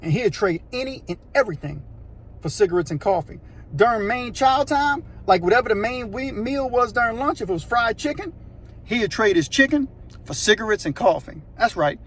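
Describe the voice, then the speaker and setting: A man telling a prison story in a casual, animated, slangy way, acting out voices and sounds. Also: high voice, normal speed, husky. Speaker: storyteller recounting prison life.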